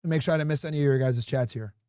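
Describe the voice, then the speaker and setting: A man with a mid-range, mellow, smooth voice races through his words, recorded with no room sound at studio quality. Hosting a livestream, he chats casually, reads audience comments aloud, and talks directly to chat, blunt and profane.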